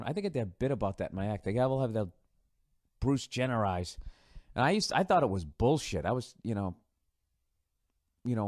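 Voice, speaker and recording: A man's voice: lowish voice, a little mellow, no echo, studio quality. A man in his forties with a Boston accent hosts a podcast, rambling casually in a sarcastic, profane, offhand way. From United States. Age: 40s. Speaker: podcast host.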